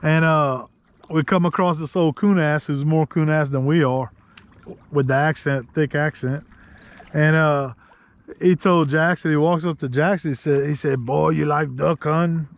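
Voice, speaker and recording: A man with a Louisiana accent talks casually from a kayak out on the marsh. His voice sits a little high, and he rambles through friendly asides and laughs easily. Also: steady tone, normal speed. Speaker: host. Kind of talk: casual outdoor vlog talk.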